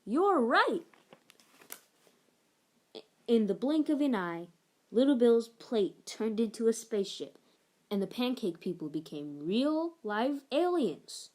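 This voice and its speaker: A woman narrating a children's picture book aloud in an expressive storytelling manner. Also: medium pitch, unhurried. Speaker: storybook reader.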